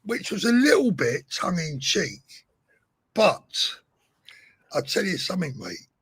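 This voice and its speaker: A man's voice: high voice, huge pitch swings, unhurried, a bit bright, husky, dry recording. A male host chatting on a live stream, earnest, telling his news in short bursts. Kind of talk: casual live-stream chat.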